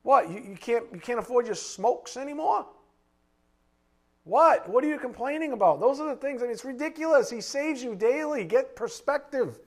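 A man preaching a sermon, firing blunt rhetorical questions and swinging between loud emphasis and quiet asides. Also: very high voice, expressive, moderate pace.

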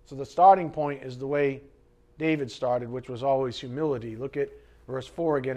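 A male pastor gives a sermon at a moderate pace in a mid-range voice. His delivery is lively and conversational, full of jokes for the congregation and swings from loud emphasis to quiet asides.

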